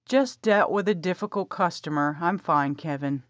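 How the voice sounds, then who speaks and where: A woman's voice: lowish voice, moderate pace, no echo, lightly acted. A woman voicing an anxious, insecure young heroine, raising her voice in a pleading, emotional way. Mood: guarded. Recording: dry, slightly dull audio.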